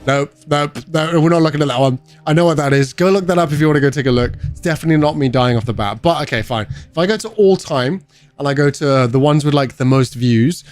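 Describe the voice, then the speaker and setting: A young British man chatting casually on a game livestream, joking and answering chat as he goes. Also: a little high. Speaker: streamer.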